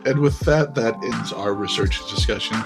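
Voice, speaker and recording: A man's voice: mid-range voice, moderate pace, vocal fry, loud music behind the voice, poor audio. A man hosting a podcast in casual chat, upbeat and leading the segments. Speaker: podcast host.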